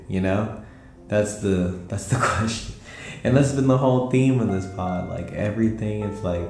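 Tired man with a deep, gravelly voice. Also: a little mellow. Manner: laid-back, slangy, rambling. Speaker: podcast host. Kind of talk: casual late-night monologue. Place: at home at night, indoors. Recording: roomy echo with faint music.

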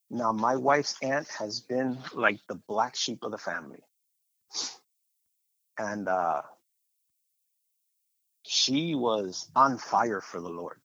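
A man's voice: mid-range voice, a bit bright, no echo, muffled recording. A man sharing a personal faith testimony in a conversational, rambling way, with fillers and repeated phrases.

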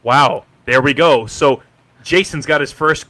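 A man's voice: on the high side, measured pace, pushed and bright. A man hosting a casual quiz in a playful, teasing way, laughing often. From Kentucky. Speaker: quiz host.

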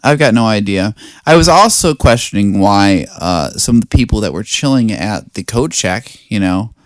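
A man's voice: on the low side, lively intonation, normal speed, dry recording, studio quality. A man co-hosting a casual movie review podcast, talking loosely with lots of fillers, restarts and swearing. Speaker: podcast co-host.

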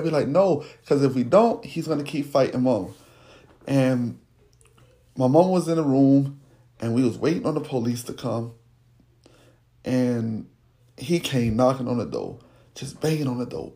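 Man with a gravelly, mellow voice. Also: medium pitch. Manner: slow, heavy recounting of a painful childhood memory. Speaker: podcast host telling his life story. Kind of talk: personal storytelling.

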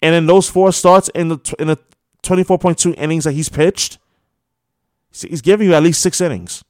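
A man's voice: on the high side, fairly quick, darkish tone, dry recording, clean studio sound. A man hosting a sports radio show, giving a heated opinion monologue full of scolding rhetorical questions. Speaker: radio host.

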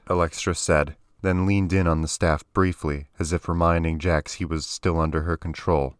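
In a measured, even audiobook manner, a man with a very deep, low voice narrates a story. His tone is clear and resonant, and the recording is dry and close with no room sound or echo.

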